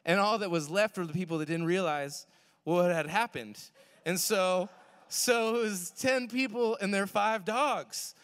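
A young man telling a personal story in a sermon, animated, swinging from loud to hushed. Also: sits high, measured pace, smooth. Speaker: worship pastor. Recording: long hall reverb.

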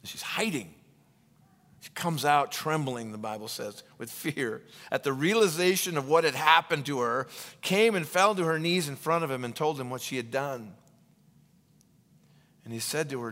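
A male pastor preaching a sermon, retelling scripture stories with lively energy and many restarts and repetitions. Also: a little high, normal speed. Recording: long reverb of a large hall.

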